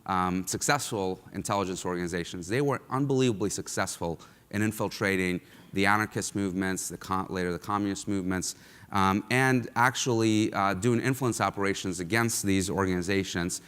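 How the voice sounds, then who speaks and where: A low-pitched man from Russia delivers a keynote talk in a large lecture hall. His voice is smooth and resonant, and it carries a long hall reverb. He speaks conversationally, with lots of ums and uhs. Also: a little fast, a bit bright.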